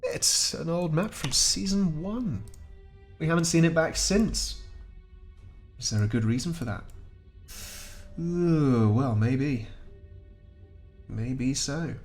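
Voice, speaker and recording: Man casting a strategy game, faint music. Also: fairly high pitch. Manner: chatty, wry, chuckles often. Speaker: esports caster. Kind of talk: play-by-play game commentary.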